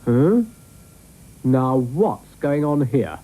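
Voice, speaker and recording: A man's voice: medium pitch, lively intonation, very slow, warm tone, pitched above the performer's own voice. A British man voicing a shaggy, grumpy male dog with a dry, acid, self-satisfied manner in a cartoon. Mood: grumbling.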